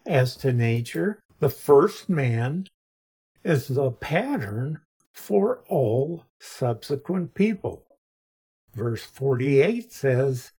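A man teaching verse by verse through scripture in an unhurried, deliberate way. His voice is slightly husky, and he lays out each point methodically. He often drops into casual asides to his listeners. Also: medium pitch, dark tone. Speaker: Bible teacher.

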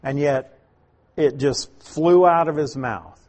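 Speaking slowly in a darkish, higher-leaning voice, this pastor preaches a Bible-teaching sermon to his congregation with slides. He reads scripture out loud, then unpacks it while asking his listeners rhetorical questions.

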